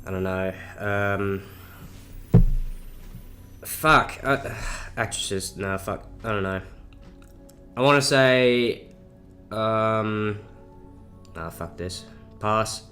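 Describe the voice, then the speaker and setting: Teen male, South Australian accent, lowish voice, rambling casual Q&A, faint music under it. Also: extremely slow, long pauses, bright, forceful tone. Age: teens. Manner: rambling, lots of "uh" and swearing. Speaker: YouTuber. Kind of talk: casual Q&A vlog.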